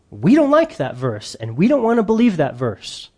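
A man's voice: a little high, wildly swooping pitch, moderate pace, few pauses, darkish tone, slightly rough. A man preaching a sermon to his congregation, earnest and emphatic, with the odd joking aside. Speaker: pastor.

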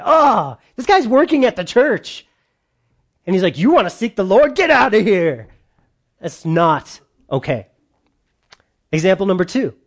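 A man's voice: fairly high pitch, a little mellow. A man preaching a sermon in a church, emphatic and conversational, often slipping into quoted voices. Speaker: pastor.

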